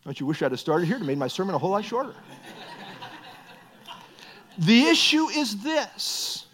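A man's voice: sits high, big pitch swings, normal speed, fairly bright tone, a little hiss or hum. A middle-aged man preaching a sermon as pastor, earnest and building to emphatic bursts.

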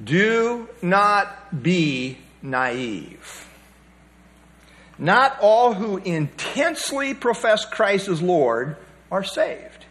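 A man's voice: high-pitched, sing-song, drawn-out words, fairly bright tone. A male pastor preaching a sermon, emphatic and repeating key phrases for weight.

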